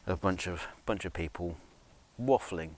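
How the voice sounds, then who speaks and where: Slow, low-voiced drunk Englishman rambling. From England, of Scottish family. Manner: rambling, many fillers and restarts, swearing. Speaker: guitar video maker. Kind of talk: casual rambling monologue.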